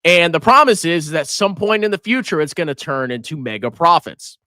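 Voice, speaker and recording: Male finance streamer, casual and brash, bright lively delivery, dry close mic. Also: fairly high pitch, normal speed, no echo. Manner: brash, mocking, laughs often. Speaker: finance livestream host. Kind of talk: casual market commentary.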